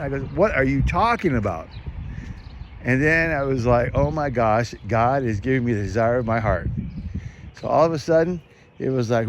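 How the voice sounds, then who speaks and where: A middle-aged man casually talking to camera about faith outdoors, rambling and earnest with frequent chuckles. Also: mid-range voice. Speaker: vlogger. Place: outdoors among trees.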